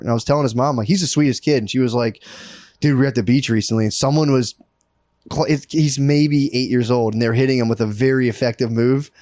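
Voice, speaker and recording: A man's voice: mid-range voice, steady tone, fast, a little mellow, no room sound, clean studio sound. A man in his thirties co-hosting a comedy podcast, telling crude stories with lots of laughter and put-on quoted voices. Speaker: podcast co-host. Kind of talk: casual comedy chat.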